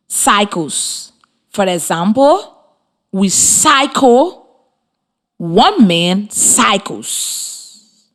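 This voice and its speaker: A Liberian woman gives a reading lesson over the radio, talking slowly and clearly and asking the children encouraging questions. Her voice sits at a medium pitch.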